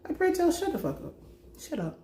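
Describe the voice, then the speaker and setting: Woman, fairly high voice, bold and profane recapper; roomy room sound. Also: a little fast, slight background noise. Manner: blunt, profane, animated storytelling. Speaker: TV recap commentator. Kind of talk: casual episode recap.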